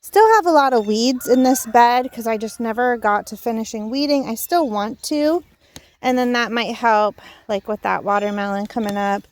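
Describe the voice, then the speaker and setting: A woman's voice: fairly high pitch, moderate pace. A young woman gives a casual, rambling tour of her backyard garden while filming on a handheld phone, a little out of breath and full of fillers and self-corrections. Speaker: home gardener and channel host.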